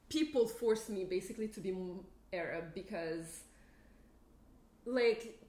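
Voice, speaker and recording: A young woman co-hosting a podcast, telling stories in casual chat and acting out what people said to her. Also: mid-range voice. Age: young adult. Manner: animated storytelling, acts out quoted people with laughter. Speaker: podcast co-host. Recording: roomy echo.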